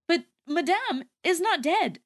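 A woman's voice: very high-pitched, expressive, a little slow, fairly bright tone. A young woman co-hosting a podcast, chatting casually about a movie, laughing often and saying "like" a lot. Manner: giggly, lots of "like" and laughter. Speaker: podcast co-host.

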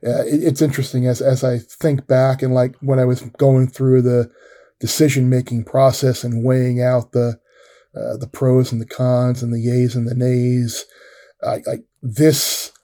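A man with a mellow, warm voice co-hosts a casual sports podcast. He rambles in a relaxed way, restarting his sentences as he goes. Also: mid-range voice, measured pace. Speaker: podcast co-host.

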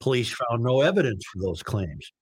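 A man's voice: medium pitch, very animated, normal speed, husky, no echo, low-quality recording. A man hosting a talk radio show, reading news and this-day-in-history items in a casual, conversational way. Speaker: radio host.

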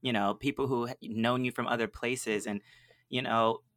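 A man hosting an interview show, chatting with a guest in a relaxed, conversational and encouraging way. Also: medium pitch, normal speed, no room sound. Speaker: interview host. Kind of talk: casual interview chat.

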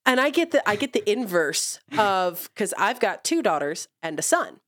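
A woman's voice: medium pitch, big pitch swings, normal speed, fairly bright tone, no echo, clean studio sound. Blunt, swearing woman podcast co-host. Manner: blunt, swears freely, emphatic. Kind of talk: casual chat.

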